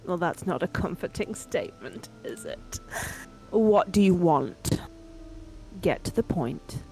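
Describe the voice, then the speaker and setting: A woman's voice: sits low, very animated, moderate pace, darkish tone, faint music behind. A woman voicing a wary, guarded young adventurer in a tabletop game, speaking in a dry, clipped way.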